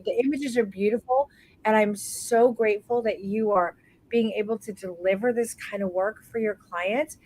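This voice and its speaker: A woman hosting a live online photography class, talking warmly and encouragingly to her students, calling them "baby" and stretching out words for emphasis. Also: mid-range voice, moderate pace, low-quality recording. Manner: warm encouraging, calls people baby. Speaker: photography course instructor.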